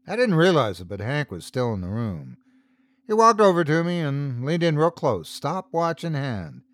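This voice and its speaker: A man's voice: a little high, very animated, moderate pace, no room sound. A man narrating a scripted first-person horror story as podcast host, telling it dramatically.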